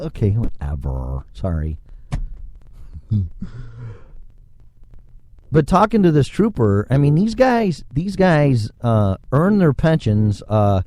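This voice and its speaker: A man's voice: medium pitch, wildly swooping pitch, slow, long pauses, mellow, no echo. A man hosting a solo podcast, ranting sarcastically and swearing freely into a microphone. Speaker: podcast host. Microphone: studio microphone.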